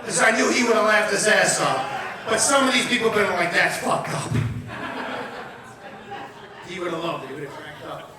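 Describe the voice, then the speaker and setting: A man's voice: high-pitched, animated, a little fast. A man, doing a blunt, profane stand-up comedy set full of asides. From Long Island, New York. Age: 50s. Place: comedy club or event room with live audience. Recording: echoey room, captured from far off with crowd noise.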